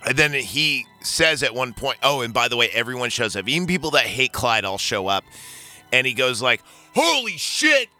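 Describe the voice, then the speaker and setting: Excitable, profane young man recapping movies. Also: mid-range voice, brisk, soft background music. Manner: excitable, profane, acts out quotes. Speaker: podcast co-host. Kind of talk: casual movie recap chat.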